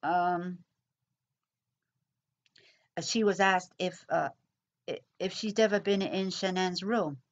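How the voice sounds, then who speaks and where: A woman's voice: fairly low pitch, steady tone, slow, pauses often, lo-fi sound. A woman giving casual recorded commentary on a true crime case, chatty and repetitive, speculating aloud with asides.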